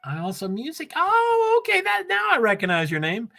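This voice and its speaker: A man's voice: high-pitched, wildly swooping pitch, fast talker, gravelly, bright, forceful tone. An older man hosting a casual livestream, chatting in a scattered way and reading viewer comments aloud from his laptop. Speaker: livestream host. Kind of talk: rambling casual livestream chat.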